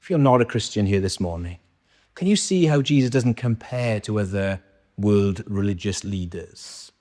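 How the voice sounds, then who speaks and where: A man's voice: on the low side, expressive, moderate pace, dark tone. A man preaching a sermon in a conversational way, often asking the congregation questions. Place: church hall. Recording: long church reverb.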